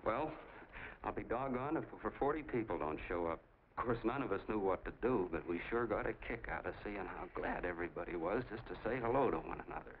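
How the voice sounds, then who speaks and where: Folksy, rambling soda jerk, lowish voice, tinny old-movie sound. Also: male voice, animated, fairly quick. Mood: eager. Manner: chatty, rambling storyteller. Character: folksy small-town male soda jerk, friendly. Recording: tinny 1940s film soundtrack, faint hiss.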